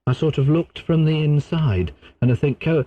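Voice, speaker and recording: An English man, a clairvoyant guest, explaining his ideas in a measured way on a radio phone-in. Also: a little high, slight background noise. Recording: dull lo-fi radio broadcast.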